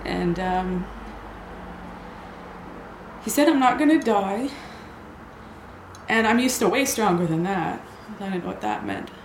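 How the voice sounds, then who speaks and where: Woman, personal storytelling, hesitant and halting, echoey room, steady background noise. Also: on the low side. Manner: hesitant, halting, full of restarts.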